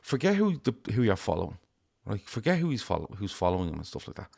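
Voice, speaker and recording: Regular panelist, man, lower voice, blunt, swears, emphatic. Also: big pitch swings, fast talker, vocal fry, a little mellow. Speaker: fan show panelist. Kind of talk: casual chat.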